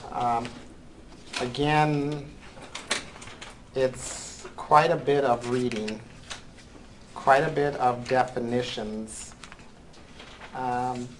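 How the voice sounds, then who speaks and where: A man's voice: mid-range voice, fairly even intonation, very slow, long pauses, slight background noise, poor audio. A man teaching a college class, lecturing with frequent ums and "right?" checks. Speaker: college accounting instructor.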